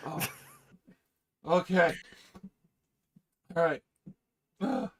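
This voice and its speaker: A man's voice: fairly high pitch, fairly even intonation, drawn-out words, vocal fry, a crowd in the background. A man running a tabletop game as game master, wry and easily exasperated.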